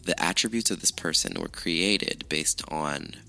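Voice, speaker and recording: A man hosting his own podcast, chatting casually with lots of swearing and self-mockery, his voice rough with morning allergies. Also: low-pitched, a little slow, bright, forceful tone. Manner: chatty, profane, self-mocking. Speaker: podcast host. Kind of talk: casual solo podcast chat.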